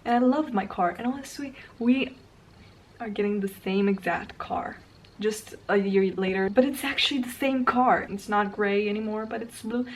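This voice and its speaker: A woman's voice: mid-range voice, moderate pace. Young woman, non-native English speaker, chatty storytime vlogger, rambling, slips into whispers, faint background hiss. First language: not English. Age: young adult. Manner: chatty, rambling, often trails into soft whispers. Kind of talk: casual storytime vlog.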